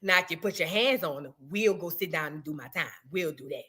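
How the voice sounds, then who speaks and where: A woman's voice: deep voice, brisk, bright, forceful tone. A woman hosting a blunt, profane reaction commentary, full of mocking impressions. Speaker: commentary host.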